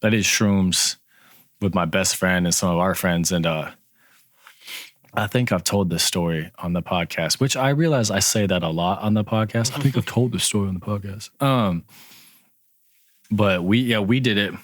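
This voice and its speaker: A man in his thirties chats casually as a podcast co-host, easygoing and fond of self-aware asides. His voice is very low, and the recording is close and dry. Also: unhurried, pauses often, no room sound. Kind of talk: casual chat.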